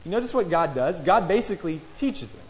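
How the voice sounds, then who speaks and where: A man's voice: high voice, sing-song, fairly quick. A man preaching a sermon and reading scripture, talking in a conversational way and putting questions to his listeners. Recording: long reverb in a large hall.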